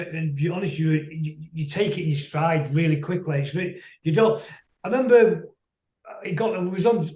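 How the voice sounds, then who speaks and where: A middle-aged man, a musician telling rambling, anecdotal stories as a guest on a video call, quick to laugh. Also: a little high, darkish tone, roomy sound. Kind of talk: casual storytelling interview.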